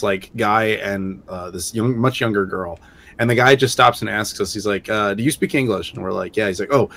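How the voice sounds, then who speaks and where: A faint hiss or hum accompanies the fairly low voice of a man who regularly appears on the show. During a game stream he chats loosely, telling meandering stories packed with fillers.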